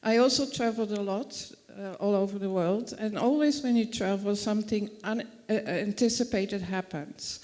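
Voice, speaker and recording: A woman's voice: mid-range voice, normal speed, hardly any pauses, darkish tone. Hesitant Dutch woman asking a question, hall echo. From Netherlands. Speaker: audience member. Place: event hall. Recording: long hall reverb.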